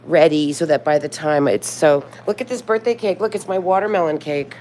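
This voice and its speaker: A woman's voice: deep voice, fairly quick, darkish tone, a little hiss or hum. A woman in her sixties chatting casually on a live stream, talkative and swearing freely when frustrated. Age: 60s.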